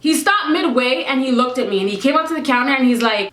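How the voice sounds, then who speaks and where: A young woman telling a vlog story in an animated, emphatic way, repeating lines for effect. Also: high voice, quick pace, few pauses. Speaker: vlogger. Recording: echoey room with faint music.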